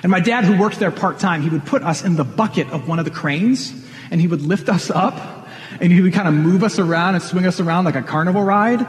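Pastor, male, slightly high voice, earnest conversational sermon, long hall reverb. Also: fairly quick. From Michigan. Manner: earnest, conversational preaching with rhetorical questions.

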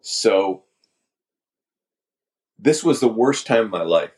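An older man, a podcast guest, telling his story candidly in a halting, talkative way. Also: fairly low pitch, expressive, darkish tone, slightly rough. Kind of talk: storytelling interview.

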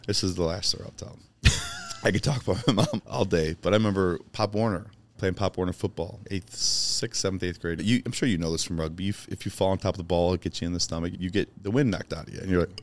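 Deep-voiced man telling heartfelt stories. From Chicago. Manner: emphatic, heartfelt, swears casually. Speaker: podcast guest. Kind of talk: personal storytelling in conversation.

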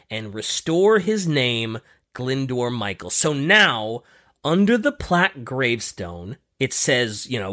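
Animated man telling a story. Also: medium pitch. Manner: lively, animated storytelling with many fillers. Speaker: podcast host. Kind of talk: casual storytelling chat.

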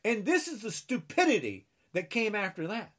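A man's voice: sits high, sing-song, normal speed, a bit bright. A man from New Jersey delivering an angry political rant, sarcastic and indignant, repeating mocking refrains and scolding his listeners. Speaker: political commentator.

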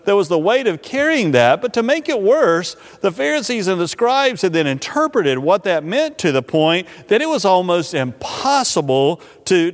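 A man preaching a sermon in a church sanctuary, earnest and unhurried, often slowing and softening his voice. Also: fairly high pitch. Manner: earnest, unhurried preaching that drops soft and slow when voicing invitations. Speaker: pastor. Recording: long reverb of a church hall.

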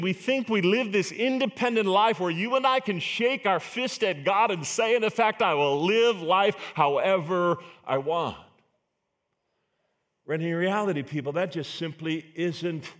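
High-voiced preaching pastor. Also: male voice, a bit bright. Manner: earnest, emphatic preaching with rhetorical questions. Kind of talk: sermon.

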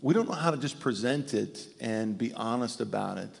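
A middle-aged pastor preaching a sermon in a conversational, animated way. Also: male voice, medium pitch, moderate pace, vocal fry, husky. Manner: conversational, animated when acting out quotes. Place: church sanctuary. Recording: long hall reverb.

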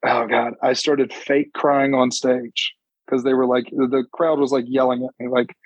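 A young adult stand-up comedian chats casually, telling stories and acting out what people said in quick, animated bursts. His mid-range voice is husky, and the recording is dry with a lo-fi quality.

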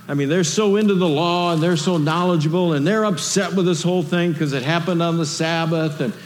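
Animated preacher in an echoey hall. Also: male voice, fairly high pitch, a little hiss or hum. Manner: animated, conversational preaching with rhetorical questions. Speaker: pastor. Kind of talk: sermon.

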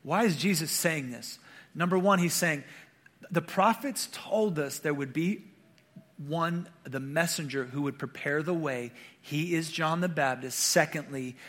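A man's voice: on the high side, unhurried, fairly bright tone. A male pastor preaching a sermon in a conversational way, often checking in with the congregation with questions. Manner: frequent fillers and restarts.

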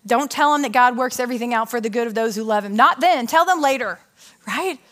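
Woman, 30s, speaker on stage; lively storytelling sermon, slightly high voice. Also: a little fast. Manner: animated, chatty, asks the audience questions. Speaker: women's ministry speaker. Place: stage before an audience.

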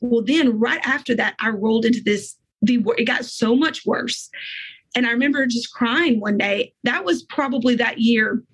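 A middle-aged woman being interviewed, telling an earnest, emotional faith testimony in quick bursts of speech. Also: fairly high pitch, husky, low-quality recording. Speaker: guest.

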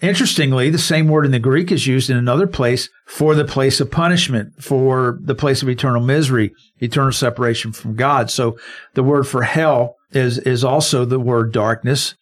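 A man's voice: medium pitch, normal speed. Brief: male co-host, Bible teacher, explanatory, leans on key words, casual study chat. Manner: explanatory, emphasizes single words when unpacking verses.

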